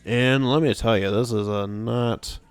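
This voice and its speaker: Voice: mid-range voice, fairly even intonation, unhurried, clear, resonant tone, soft background music. A streamer from Texas, giving playful, giggly commentary while playing a game and sounding out German ride names.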